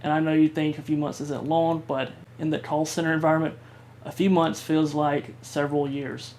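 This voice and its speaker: A man vlogger telling a personal story in a halting way, with many fillers and restarts. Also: fairly high pitch, level tone, a little mellow, a little hiss or hum.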